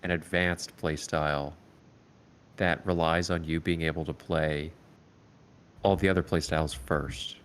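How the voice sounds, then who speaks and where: A man coaching a competitive team over voice chat, giving calm, step-by-step strategy advice with frequent "um"s. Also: a bass voice, a little slow, long pauses, clean tone. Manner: calm, explanatory, filler-heavy advice. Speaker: esports coach.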